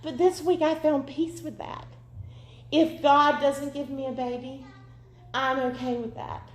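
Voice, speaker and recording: A woman's voice: high voice, little pitch movement, unhurried. A woman, preaching a sermon as emotional, earnest testimony. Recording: echoey room.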